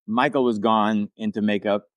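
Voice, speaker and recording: A man's voice: fairly low pitch, fairly even intonation, normal speed, dry recording. An older man, a podcast guest and actor-writer, telling a rambling anecdote casually, with asides and restarts. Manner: acts out quoted people in livelier voices.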